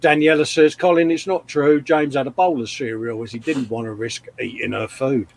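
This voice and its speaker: A man's voice: mid-range voice, fairly even intonation, moderate pace, creaky, a little mellow, a little hiss or hum. A man hosting a casual live stream from a home workshop, reading out viewer comments and chatting. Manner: laid-back, reads out viewer comments. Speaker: host.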